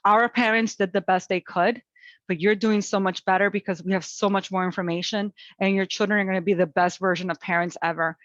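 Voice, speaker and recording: Gentle woman coaching parents. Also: mid-range voice, fairly even intonation, a little fast, no room sound, muffled recording. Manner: gentle, coaching, models soothing self-talk. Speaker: parent educator. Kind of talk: webinar teaching.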